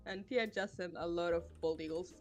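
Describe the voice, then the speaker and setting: A woman's voice: fairly low pitch, normal speed, faint music behind. A woman chatting on a group voice call during a live stream, bubbly and playful. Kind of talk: casual chat on a group call. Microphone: computer mic on an online voice call.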